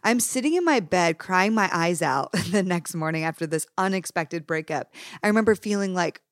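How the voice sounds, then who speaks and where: Animated woman podcast host, dry sound. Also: fairly low pitch, moderate pace, dry recording. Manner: animated, laughing, storytelling. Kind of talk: casual conversation.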